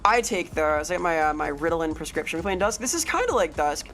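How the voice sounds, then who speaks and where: A woman's voice: low-pitched, lively intonation, quick pace, a bit bright, faint music behind. Playful swearing woman game streamer. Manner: playful, rambling, swears freely, greets chat members. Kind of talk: live game streaming chat.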